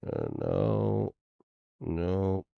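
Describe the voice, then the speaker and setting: Man, low voice, slow drawl, rambling commentary, dry close sound. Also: wildly swooping pitch, creaky, no echo, lo-fi sound. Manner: meandering, grumbling asides, occasional swearing. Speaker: vlogger. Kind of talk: casual rambling commentary while browsing online.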